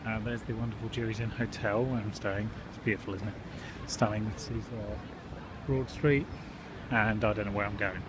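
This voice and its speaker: Young male vlogger, casual walking commentary, a bit low, noisy ambience behind. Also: steady tone, normal speed. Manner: chatty, self-mocking, walking while filming. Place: indoors and city streets.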